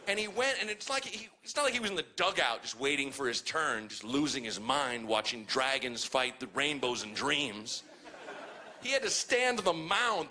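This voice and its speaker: A man's voice: fairly high pitch, slight background noise. A man doing a profane stand-up comedy set on a club stage, telling stories and acting out other people's voices. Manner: profane, animated storytelling with acted-out voices.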